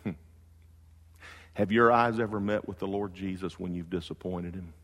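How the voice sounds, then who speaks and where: Low-voiced man preaching in a reverberant hall. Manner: animated storytelling, swings from loud excitement to hushed, slow earnestness. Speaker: pastor. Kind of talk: sermon. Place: church.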